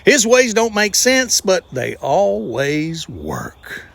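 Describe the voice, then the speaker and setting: A man's voice: high-pitched, huge pitch swings, takes it slowly, gravelly, fairly bright tone, dry recording. A man with a Southern US accent hosting a scripted comedic trivia show, folksy and exclamatory with punchy jokes. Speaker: host.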